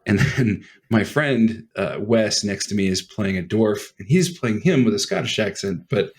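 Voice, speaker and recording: A man co-hosting a podcast, telling game stories in a relaxed chatty way. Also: on the low side, a little slow, slightly rough. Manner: relaxed, storytelling with laughs. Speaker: podcast co-host. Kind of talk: casual chat.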